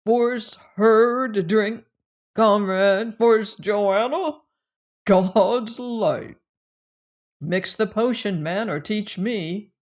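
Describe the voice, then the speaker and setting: A reader voicing a rough, loyal male sailor comrade who speaks in old-fashioned, blunt, emphatic phrases, for an audiobook. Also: medium pitch, very slow, pitched above the performer's own voice. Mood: incredulous. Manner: archaic speech, emphatic, blunt.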